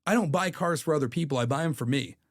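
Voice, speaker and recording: A man's voice: on the high side, fast. A man in his thirties, a podcast guest telling stories in a candid, profane way. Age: 30s. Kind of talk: casual chat.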